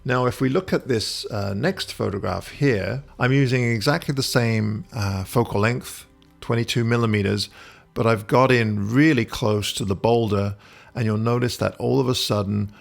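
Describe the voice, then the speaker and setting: A man narrating a photography tutorial in a relaxed, explanatory way, pausing often with "uh". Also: on the low side, gravelly, faint music behind. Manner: relaxed, explanatory, with frequent "uh" pauses. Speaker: photography instructor. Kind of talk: voice-over tutorial.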